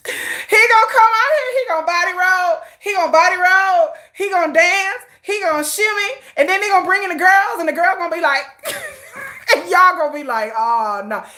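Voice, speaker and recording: A woman hosting a casual livestream, animated and slangy, laughing often. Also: very high-pitched, moderate pace. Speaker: livestream host.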